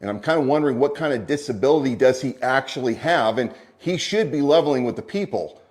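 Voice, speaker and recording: A man making political commentary in a measured, concerned way. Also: medium pitch, lively intonation, darkish tone.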